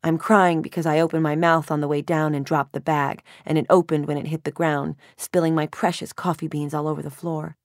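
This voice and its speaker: Woman in her thirties, audiobook narration, wry and self-mocking, low voice, dry close sound. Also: little pitch movement, a little fast, few pauses, no room sound. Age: 30s. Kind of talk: scripted first-person novel narration.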